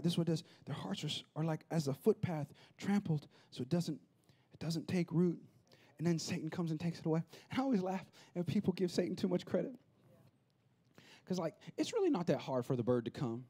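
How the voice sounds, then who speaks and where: A pastor preaching a lively, humorous sermon, acting out the people he quotes. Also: a little high, fairly quick, breathy edge. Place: church auditorium.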